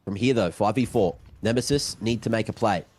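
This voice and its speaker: A young man casting a game play by play, excitable, with banter between calls. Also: fairly low pitch, brisk, a little hiss or hum. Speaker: esports caster. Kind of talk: play-by-play commentary.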